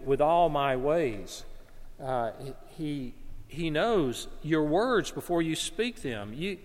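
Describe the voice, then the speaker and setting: A man's voice: fairly high pitch, big-room sound. A man from North Alabama, preaching a sermon in an earnest manner and often repeating words as he searches for them.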